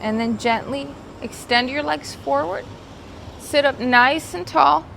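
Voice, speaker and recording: A woman leads a guided yoga class with gentle, soothing cues, her voice sitting a little high. She talks outdoors by the sea, and faint background noise hangs under her words. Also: slow pace, creaky. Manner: slips into Spanish cues. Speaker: yoga instructor. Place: outdoors by the ocean.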